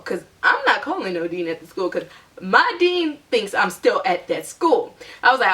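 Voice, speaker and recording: A young adult woman telling a personal story to her viewers in a chatty, animated way, with lots of "like". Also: medium pitch, normal speed, distant mic. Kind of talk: casual storytime monologue.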